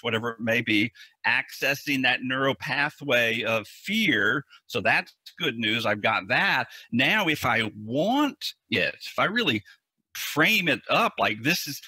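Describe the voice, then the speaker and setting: A man's voice: medium pitch, bright, forceful tone, slightly rough, dry recording. A man talking as a therapist in a podcast interview, explaining earnestly and often restarting or repeating words. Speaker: anxiety therapist.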